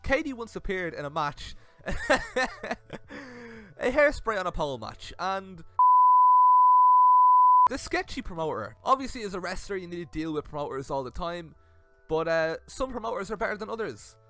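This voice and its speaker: A young man giving comedic commentary on messages, animated and laughing often. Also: high-pitched, moderate pace, long pauses. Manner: animated, laughing, switches into silly voices for messages. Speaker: YouTube commentator.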